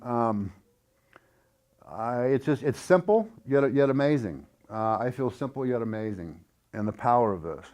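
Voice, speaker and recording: A man giving a casual how-to explanation in an earnest, hesitant way, with many fillers and restarts and softly chanted syllables. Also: mid-range voice, dull audio. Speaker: instructor demonstrating a build.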